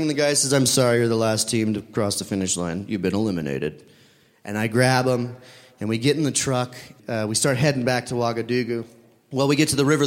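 A man telling a long casual anecdote in an animated, self-deprecating way, acting out bits of dialogue. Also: on the high side, in a large hall. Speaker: storyteller.

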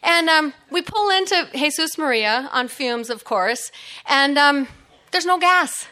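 Woman, middle-aged, high-pitched, bright tone, chatty storytelling, frequent laughs. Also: lively intonation, a little slow. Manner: chatty, laughing, many fillers. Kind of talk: personal storytelling.

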